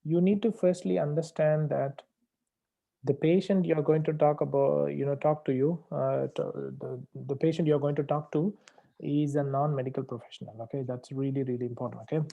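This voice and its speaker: A man working as an English test tutor, going over a student's mistakes and repeating the key advice slowly for emphasis. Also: a little high, fairly even intonation, vocal fry, dark tone, highs cut off. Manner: corrective and repetitive, slows down to stress key phrases. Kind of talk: spoken feedback on a practice test.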